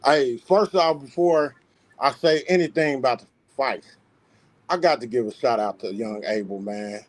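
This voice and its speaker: A man's voice: medium pitch, normal speed, no echo. Emphatic man breaking down a fight. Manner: emphatic, confident, conversational. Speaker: panelist on a sports talk stream. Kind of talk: casual sports chat.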